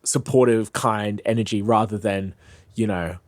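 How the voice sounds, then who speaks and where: A man who is a freestyle MC, chatting as a podcast guest, telling lively stories with frequent laughs and acted-out quotes. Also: fairly low pitch, measured pace, no room sound. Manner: lively, laughs often, acts out quoted voices. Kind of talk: casual storytelling chat.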